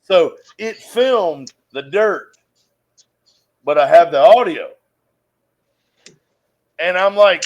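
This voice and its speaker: High-voiced man telling a profane story. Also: drawn-out words, long pauses. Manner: profane, animated yarn-spinner. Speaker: podcast host. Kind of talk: casual storytelling.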